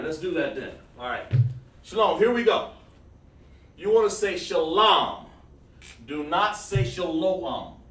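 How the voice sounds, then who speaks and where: A man teaches a loose, chatty lesson to viewers as he draws on a board. His voice sits a little high for a man. He sounds a step back from the mic in a roomy, echoing space. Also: sharp tone, recorded from a distance, slight background noise. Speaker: Hebrew teacher on a livestream. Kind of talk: casual livestream lesson. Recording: echoey room, voice away from the mic.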